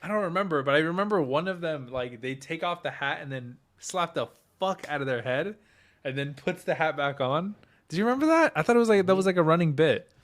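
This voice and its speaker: A man's voice: on the high side, animated, a little fast, fairly bright tone. A man co-hosting a podcast in casual chat, rambling, laughing often and swearing. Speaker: podcast co-host.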